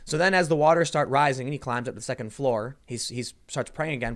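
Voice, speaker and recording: Fast-talking man hosting a podcast chat. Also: medium pitch. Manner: quick, animated storytelling, acting out quoted voices. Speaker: show host.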